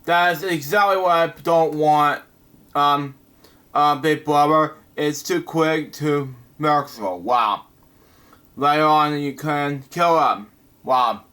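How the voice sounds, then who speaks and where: A man's voice: fairly high pitch, slow, sharp tone. A man reading a vengeful woman villain. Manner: bitter, threatening.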